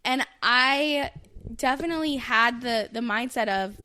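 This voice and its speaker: A woman in her thirties shares her own story in a loose, candid podcast chat. Her voice sits a little high, and she rambles with plenty of fillers and restarts. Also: unhurried, pushed and bright. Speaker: podcast co-host. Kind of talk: casual personal storytelling.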